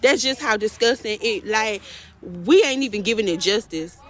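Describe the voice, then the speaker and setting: A woman's voice: mid-range voice, moderate pace, rough recording. Emphatic woman recapping, full of repeats. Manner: animated, emphatic, repeats phrases, addresses viewers as y'all. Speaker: trial recap vlogger. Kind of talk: casual emotional recap.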